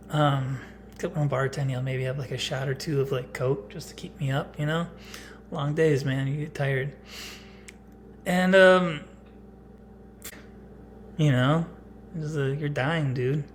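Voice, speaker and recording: A man's voice: mid-range voice, a little hiss or hum. Rambling, blunt man in his thirties. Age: 30s. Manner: rambling, blunt, heavy on filler words. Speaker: vlogger. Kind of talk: casual personal vlog.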